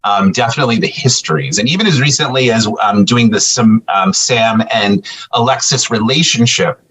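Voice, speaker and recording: A man, a podcast guest, telling a lively story in casual chat and acting out the quoted lines of other people. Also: mid-range voice, moderate pace, husky, distant mic, rough recording. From US Northeast. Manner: animated, acts out quoted dialogue.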